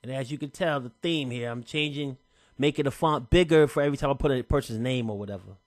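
A man presenting a software tutorial in a relaxed, chatty way, talking through each step with casual slang. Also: mid-range voice, fast talker, no room sound, studio quality. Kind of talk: casual screen-recorded tutorial.

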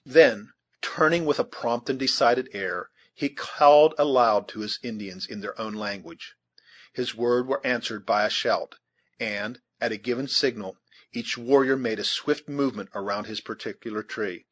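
A man narrating an audiobook in a measured, steady storytelling manner, with a husky voice. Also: medium pitch.

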